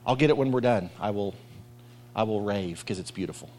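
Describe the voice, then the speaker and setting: A man's voice: lowish voice, fairly quick, darkish tone, slight background noise. A man preaching a sermon as pastor, casual and rambling, with a self-deprecating humor and now and then mock voices.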